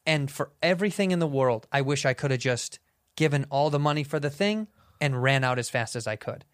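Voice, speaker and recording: A man's voice: mid-range voice, animated, fairly quick, clean tone, no room sound, studio quality. A middle-aged man co-hosting a podcast in casual chat, telling anecdotes and acting out quotes. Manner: chatty, acts out quotes in stories. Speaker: podcast co-host.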